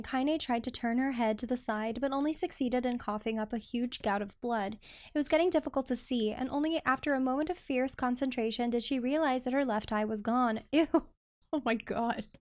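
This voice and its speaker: Expressive woman game streamer. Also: on the high side. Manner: expressive, swears, laughs, dramatic complaints. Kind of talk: casual gaming stream, reading aloud.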